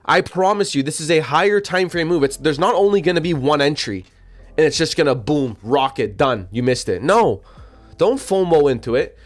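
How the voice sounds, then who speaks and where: A man's voice: a little high, expressive, normal speed. A man hosting a live trading stream, talking casually and directly to his chat with slangy, repetitive phrasing, hiccuping now and then. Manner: chatty, slangy, addresses chat directly, repeats himself. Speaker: livestream trading host. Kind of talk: casual livestream commentary.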